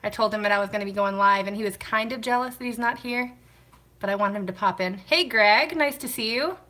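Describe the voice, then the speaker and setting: A woman's voice: medium pitch, fairly quick, bright, forceful tone. A woman hosting a casual live stream at home, chatting to viewers, greeting them and answering comments while washing glasses by hand.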